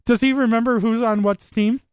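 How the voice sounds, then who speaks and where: A man's voice: very high-pitched, fairly even intonation, brisk, clean tone, dry recording. A young man hosting a radio sports show, teasing his co-hosts in casual banter. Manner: teasing, wry, lots of restarts. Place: radio studio.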